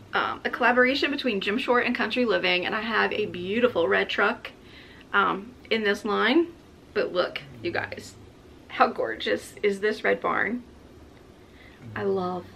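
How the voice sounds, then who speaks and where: A woman's voice: medium pitch, creaky, bright, forceful tone, slight background noise, low-quality recording. A woman chatting casually and gushing with delight as she unboxes gifts at home, exclaiming often. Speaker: vlogger. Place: home, indoors.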